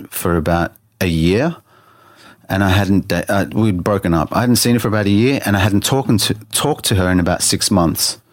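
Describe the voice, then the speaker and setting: Earnest low-voiced man telling his story. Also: no room sound, studio quality. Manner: earnest storytelling, many restarts, acts out own thoughts. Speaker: interview guest. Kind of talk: personal testimony in conversation.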